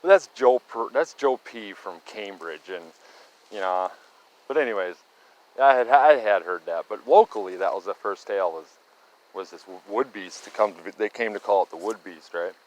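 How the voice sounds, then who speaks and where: A man's voice: on the low side, animated, moderate pace, rough recording. Rambling middle-aged man telling a tale. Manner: rambling, restarts often, tags lines with "right?" and "okay?". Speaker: storyteller recounting local sightings. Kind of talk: casual rambling storytelling.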